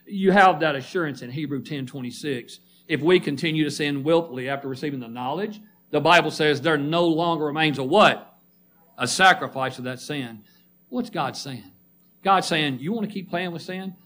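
A man's voice: fairly high pitch, moderate pace, a bit bright. A middle-aged male preacher giving a sermon, emphatic, firing questions at the congregation and calling listeners by name.

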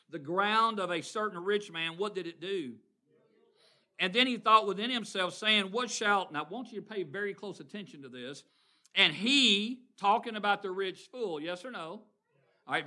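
A man preaching a sermon with call-and-response, moving between loud exclamations and quiet asides to the congregation. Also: high voice.

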